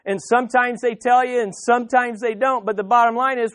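Earnest pastor preaching. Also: male voice, extremely high pitch, fairly even intonation, brisk, fairly bright tone, no room sound, clean studio sound. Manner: earnest, conversational, repeats words. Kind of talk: sermon.

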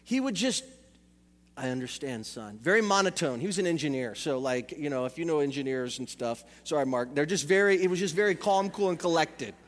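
A man preaching a sermon, telling family stories with animated acted-out voices and frequent repeated words. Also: a little high, fast talker, few pauses. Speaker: pastor. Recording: church hall reverb.

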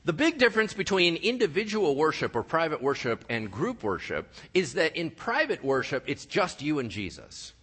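A male pastor preaching a sermon in a church, animated and joking with his congregation. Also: a little high, normal speed, few pauses, slightly rough. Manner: animated, jokey, talks to the congregation. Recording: live church hall with long reverb.

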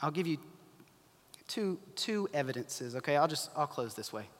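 A man preaching a sermon, impassioned and urgent, then dropping to hushed pleading. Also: on the high side, lively intonation, normal speed. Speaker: pastor. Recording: long hall reverb.

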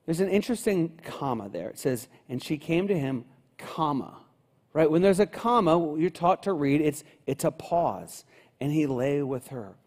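A man's voice: a little high, warm tone. A man preaching a sermon in a conversational way, acting out lines of the story as he goes. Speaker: pastor.

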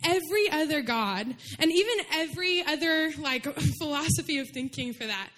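A young woman preaching a sermon in a chatty storytelling way, full of "like" and quick laughs. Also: sits high, lively intonation, a bit bright. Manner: chatty, full of "like", laughs while telling stories.

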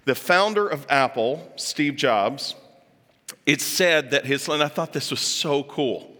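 Bright-voiced man talking in a reverberant hall. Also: on the high side, animated, takes it slowly. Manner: chatty, joking asides, puts on voices for quotes. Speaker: speaker addressing an audience. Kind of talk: lively talk to a live audience.

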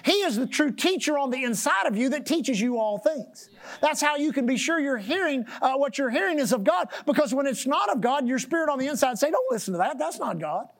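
A woman preaching a sermon, reading scripture slowly and with emphasis and calling on the congregation to repeat phrases after her. She clears her throat and coughs now and then. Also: high-pitched, expressive.

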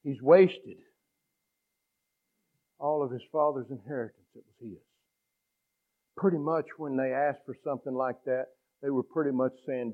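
Impassioned preacher on a tinny line. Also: male voice, mid-range voice, normal speed, long pauses. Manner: impassioned, swings between loud appeals and hushed pleading. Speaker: pastor. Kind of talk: sermon. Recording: tinny phone-like sound.

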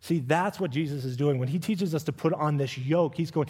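A middle-aged man preaching a sermon as pastor, acting out quoted voices with animated swings of pitch. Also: fairly quick, hardly any pauses, husky. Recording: long reverb of a church hall.

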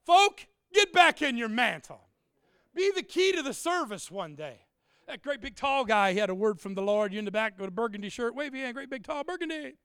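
A middle-aged man preaching a humorous sermon, animated and joking, swinging from shouts to quiet asides. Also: very high-pitched, brisk, clean tone, no room sound, clean studio sound. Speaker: pastor.

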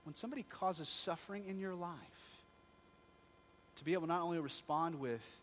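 A man's voice: fairly high pitch, moderate pace, slight background noise. A male pastor preaching a sermon in a conversational storytelling manner, asking the congregation rhetorical questions.

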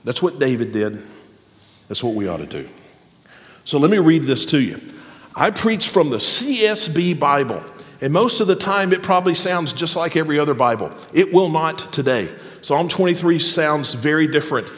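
A man preaching a sermon as pastor, emphatic and animated, with pauses for effect. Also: fairly high pitch, long reverb tail.

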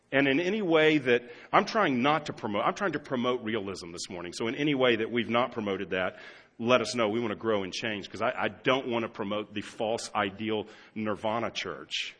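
A middle-aged American man preaching a sermon as pastor, moving from quiet asides to loud emphatic lines. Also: mid-range voice, big-room sound. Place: church sanctuary.

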